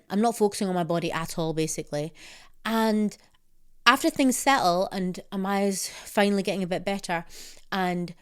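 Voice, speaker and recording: A young woman vlogger telling a personal story to camera in a casual, animated way, acting out her own past reactions in higher bursts. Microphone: close mic.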